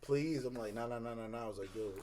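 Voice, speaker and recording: A young man and podcast co-host, telling a story in casual chat. He talks in an animated way, acts out the quotes and laughs along. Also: on the low side, racing, background noise. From Dominican heritage.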